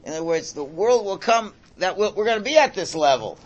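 A man with a somewhat raised pitch teaches a religious class. His delivery is animated and swings from loud exclamations to quiet, low asides. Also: fairly quick, dull audio. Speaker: Torah teacher.

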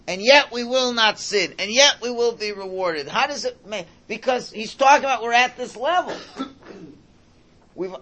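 A man teaching a religious class in a lively way, swinging between loud exclamations and quiet asides. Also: high-pitched. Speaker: Torah teacher.

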